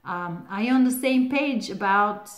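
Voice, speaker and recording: A woman chats through relationship advice in a loose, conversational way, dropping in quick laughs and plenty of "like" fillers. Her voice sits at an ordinary mid pitch. The room around her gives it a noticeable echo. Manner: chatty, laughs often, many "like" fillers. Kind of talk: casual advice talk to camera. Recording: roomy echo.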